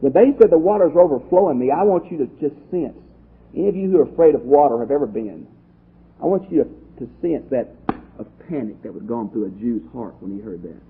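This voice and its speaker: A man from Texas, a pastor teacher giving a lively, conversational Bible study lecture and asking his class questions. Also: mid-range voice, brisk, slightly rough. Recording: tinny lo-fi phone-like audio.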